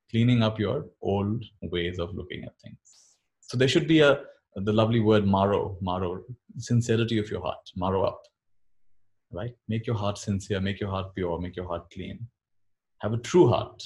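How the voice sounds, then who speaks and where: A man giving a calm spiritual teaching talk, often repeating phrases softly. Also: on the low side.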